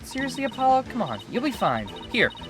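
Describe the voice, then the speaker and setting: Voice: mid-range voice, huge pitch swings, fast talker, over music, voice pushed up. A streamer voicing a cheerful, teasing teenage girl magician while reading a game aloud. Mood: encouraging. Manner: bubbly, teasing, upbeat.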